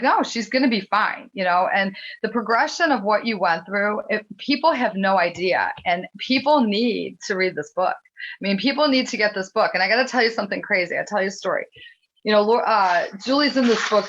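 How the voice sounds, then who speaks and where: A woman's voice: medium pitch, animated, brisk, fairly bright tone. A woman host reminiscing emotionally with many restarts during an interview conversation. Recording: dull lo-fi sound.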